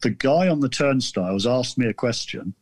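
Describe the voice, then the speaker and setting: A man from southern England, a guest author telling a story in casual chat, rambling and self-deprecating with halting restarts. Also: mid-range voice, expressive, darkish tone, no echo.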